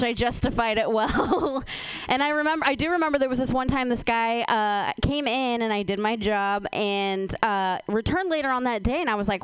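Woman, higher voice, smooth and clear, chatty self-mocking stand-up comedy. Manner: chatty and self-mocking, laughs between lines. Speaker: stand-up comic.

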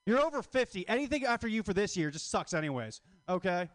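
A man's voice: high-pitched, very animated, quick pace. A man in his twenties doing a stand-up comedy set, crude, rambling and self-mocking. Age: 20s. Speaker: stand-up comic.

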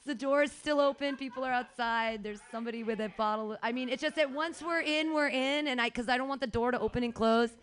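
Rambling woman hosting a comedy night. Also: fairly high pitch. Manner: rambling, quick, talks over herself. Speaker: show host. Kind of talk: casual address to a live audience.

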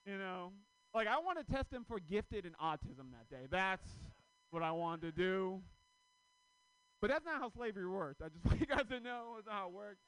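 A man in his thirties doing a stand-up comedy set, telling stories with loud, acted-out quotes. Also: high-pitched, normal speed, dry recording, rough recording. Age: 30s. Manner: loud, animated storytelling with shouted acted-out quotes.

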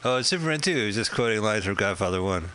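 A man's voice: on the low side, expressive, quick pace, sharp tone, rough recording. A man co-hosting a comedy podcast, joking and riffing on a film while trying out silly impressions. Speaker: podcast co-host. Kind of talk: comedic riffing over a movie.

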